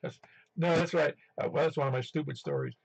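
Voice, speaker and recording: Gravelly raspy man on a radio net. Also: a little high, quick pace. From western New York, near Buffalo. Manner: rambling storyteller with many restarts. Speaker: ham radio net regular. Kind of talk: casual radio chat. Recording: muffled radio audio.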